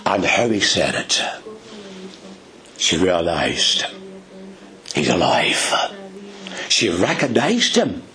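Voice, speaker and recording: A male preacher with an Ulster accent delivers a sermon at an unhurried pace. His pitch rises and falls dramatically as he speaks. He sometimes sinks to a hushed whisper to stress a point. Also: very animated. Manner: dramatic, drops to whispers for emphasis; addresses listeners as dear friends.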